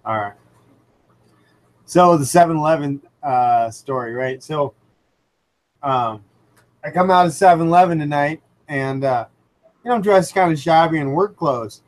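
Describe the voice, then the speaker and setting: A man's voice: a little high, a little slow, pauses often, low-quality recording. A man hosting a casual livestream from home by a fish tank, telling stories animatedly with lots of fillers and restarts. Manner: animated storyteller, rambling with many fillers. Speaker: livestream host. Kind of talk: casual live chat and anecdote. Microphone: computer microphone.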